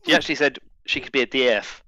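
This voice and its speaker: Deadpan man, bright tone, dull mic. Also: mid-range voice, quick pace. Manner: dry, deadpan remarks. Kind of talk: casual podcast chat.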